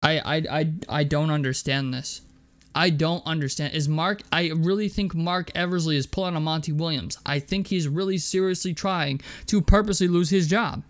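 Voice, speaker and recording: A man's voice: on the high side, moderate pace. A young man delivering an angry, profane basketball rant, stumbling over and repeating his words as he vents. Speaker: sports commentator.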